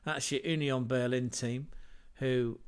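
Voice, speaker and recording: A man's voice: mid-range voice, steady tone, slow, clear, resonant tone. A man hosting a casual football livestream, running through team lineups with jokey asides, wordplay and self-corrections. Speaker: football podcast host.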